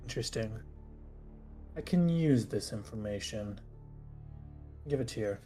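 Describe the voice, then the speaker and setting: A man's voice: on the low side, animated, a little slow, warm tone, soft background music. A man playing a cold, commanding knight in golden armor who speaks curtly and condescendingly. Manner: curt, condescending.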